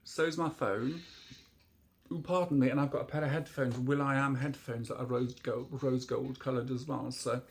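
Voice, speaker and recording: A man's voice: mid-range voice, fairly even intonation, normal speed, vocal fry, slight background noise. A man in his fifties, a vlogger rambling through a casual show-and-tell of a new gadget, hesitant and full of restarts.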